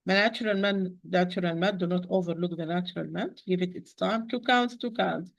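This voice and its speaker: A woman gives a tajweed pronunciation lesson in a mid-pitched voice. She works through the sounds methodically, demonstrating each syllable in turn. Her corrections are patient and gentle. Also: normal speed, creaky, few pauses. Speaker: Quran recitation teacher.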